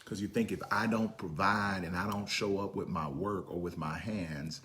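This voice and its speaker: A man preaching a sermon, swinging from hushed, whispered lines to loud, high-pitched storytelling. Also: normal speed, a little hiss or hum. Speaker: pastor.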